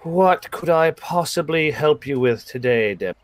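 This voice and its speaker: A man's voice: on the high side, animated, no room sound, voice pushed up. Man doing a haughty, prim elf shopkeeper. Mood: disdainful. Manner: prim, formal, slow and disdainful. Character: tall gaunt proper male elf shopkeeper, haughty.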